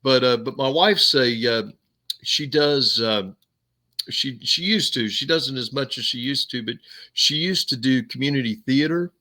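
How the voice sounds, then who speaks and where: A man hosting a podcast, telling stories in a casual, animated way and laughing often. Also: medium pitch, a little slow. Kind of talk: casual chat.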